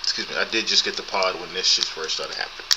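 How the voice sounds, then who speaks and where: In this laid-back live-stream chat, a podcast host in his thirties curses casually and chuckles often, his thin voice captured on a camera's built-in mic. He talks fast in a low-pitched, steady tone. There is background noise.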